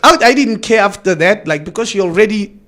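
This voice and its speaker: A man, a comedian co-hosting a casual studio chat and telling stories in an animated way. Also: high-pitched, brisk. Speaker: radio show co-host and comedian.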